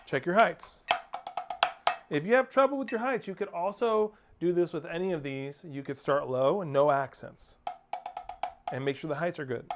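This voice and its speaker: A man's voice: a little high, expressive, moderate pace, loud music behind the voice. A man teaching a percussion lesson, counting off and singing rhythms aloud as he coaches. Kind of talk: instructional drum lesson. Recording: spoken over loud percussion playing.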